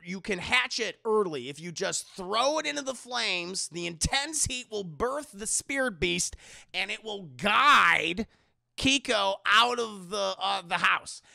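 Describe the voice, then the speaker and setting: A man playing a blunt young spirit girl, matter-of-fact, high. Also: lively intonation, unhurried, gravelly, sharp tone, exaggerated voice. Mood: explaining. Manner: blunt, explaining, swearing.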